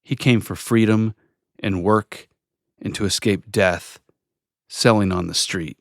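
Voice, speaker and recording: A man reading his own narrative poem aloud in a measured, unhurried, contemplative delivery. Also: lowish voice, fairly even intonation, vocal fry, no room sound, studio quality. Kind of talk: slow reflective poetry reading.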